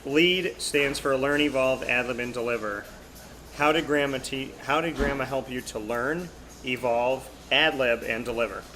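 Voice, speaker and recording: A man's voice: mid-range voice, normal speed, pushed and bright, slight background noise. A man hosting a live radio show, chatting casually and teasing in a playful way. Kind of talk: casual chat. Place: outdoors at a cafe drive-thru.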